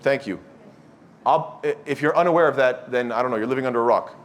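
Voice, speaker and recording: A man at a youth study circle gives a blunt, scolding lecture-style sermon to a live audience, quizzing them with questions. His voice is mid-range and he talks fast.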